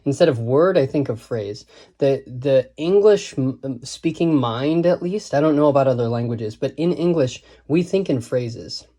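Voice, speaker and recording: A man's voice: mid-range voice, animated, normal speed, warm tone. A man giving a casual, digressive lesson on writing, thinking aloud and reciting quotes and lines of verse. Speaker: writing teacher.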